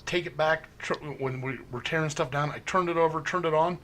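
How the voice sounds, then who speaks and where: A paranormal investigator casually swaps stories, laughing a lot and performing the quotes as an animated storyteller. His voice runs a little high and a little fast.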